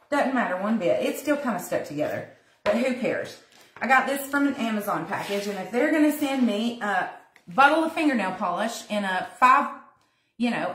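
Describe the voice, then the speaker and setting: A woman's voice: medium pitch, a bit bright. A woman hosting a casual live craft demonstration, chatting with viewers as she works. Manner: chatty, greets viewers by name, talks while working. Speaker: craft tutorial host. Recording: roomy echo.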